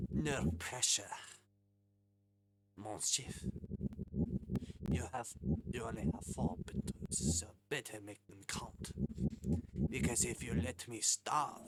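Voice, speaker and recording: A man voicing a hungry, pompous French gourmet, reading game dialogue aloud in a hammy mock French accent with drawn-out words. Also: fairly low pitch, wildly swooping pitch, gravelly, exaggerated voice. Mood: theatrical.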